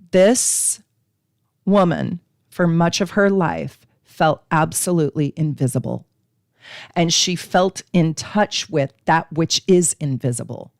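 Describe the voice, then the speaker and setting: A woman's voice: on the low side, no room sound, clean studio sound. A woman hosting a live astrology stream, teaching casually and chatting with viewers, with frequent ums.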